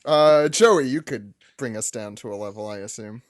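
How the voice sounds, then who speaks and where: A man's voice: mid-range voice, normal speed, no room sound, studio quality. A man hosting a podcast, joking and keeping a group of guests in order. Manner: playful, jokey, moderating. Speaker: podcast host. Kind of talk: casual chat.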